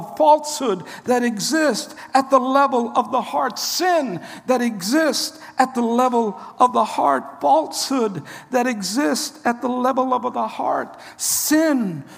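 Preacher, sermon, slow and emphatic, repeats and exhorts, recorded in a long-reverb hall. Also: mid-range voice, lively intonation, vocal fry. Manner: emphatic, repeats key phrases, exhorts the listeners.

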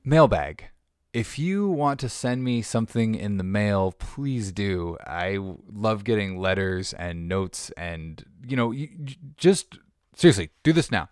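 Guy hosting his podcast, rambly and jokey, lowish smooth voice, dry studio sound. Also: animated, measured pace, few pauses, dry recording. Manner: rambling, self-interrupting, jokey. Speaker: podcast host. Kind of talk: casual monologue. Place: recording studio.

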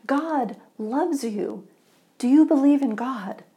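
A woman doing an excitable churchgoing man, gushing, high and shrill, mellow tone. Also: normal speed. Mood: eager. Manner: gushing, rising to shrill delight.

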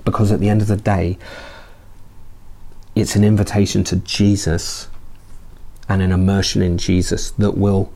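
A man delivers a relaxed, conversational sermon, often stumbling and restarting his sentences. His voice sits low with a dark, mellow tone. There is a gravelly edge throughout. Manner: conversational, halting, with many restarts. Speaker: preacher.

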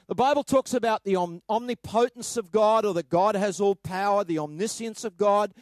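Man, pastor, sermon, high-pitched, halting with fillers, dry sound. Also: no room sound. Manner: reads scripture aloud with rising emphasis.

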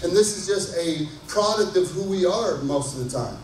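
High-voiced man preaching in an echoey hall. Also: animated, normal speed, a little mellow. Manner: conversational and enthusiastic, asks the crowd often. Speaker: pastor. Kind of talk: sermon. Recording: echoey hall from far off, faint noise.

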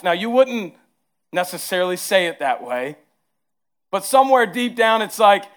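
A man with a Southern accent preaching a sermon as pastor, moving between hushed, tender lines and emphatic rises. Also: sits high, very animated, moderate pace, long pauses.

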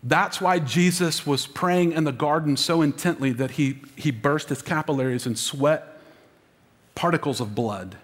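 A man's voice: fairly high pitch, a little slow, long reverb tail. A man preaching an Easter sermon as lead pastor, emotional and calling on the congregation to answer back. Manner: emotional, preaching with audience call-and-response.

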